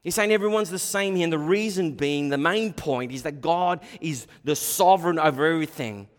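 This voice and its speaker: A middle-aged man preaching a sermon as pastor, shifting between quiet asides and emphatic points. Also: fairly high pitch, brisk. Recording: long hall reverb.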